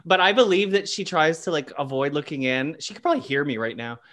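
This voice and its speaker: Fast and animated, this male podcast co-host has a fairly high, slightly bright voice. He's a laughing storyteller in a casual chat, wandering through personal tales in a playful, self-mocking way.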